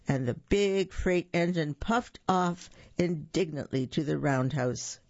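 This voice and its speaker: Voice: mid-range voice, slow, hardly any pauses, darkish tone, dry recording. A storyteller reading a picture book aloud, describing the pictures and stumbling over words now and then. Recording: dull, slightly lo-fi recording.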